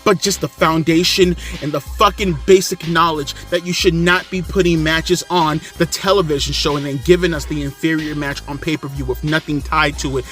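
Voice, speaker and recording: A young man with a high, bright voice rants about wrestling, cursing constantly and jumping between loud tirades and low, flat mutters. Faint music plays behind him. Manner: profane, angry ranting that swings between loud and subdued. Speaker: wrestling commentary host. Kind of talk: ranting video commentary.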